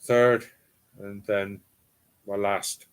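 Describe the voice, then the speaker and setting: A man's voice: on the low side, flat delivery, extremely slow, clean tone. Chatty Cornish man hosting a live stream. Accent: East Cornish. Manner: chatty and rambling, with frequent ums and restarts. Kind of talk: casual live chat reading viewer comments. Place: home cellar.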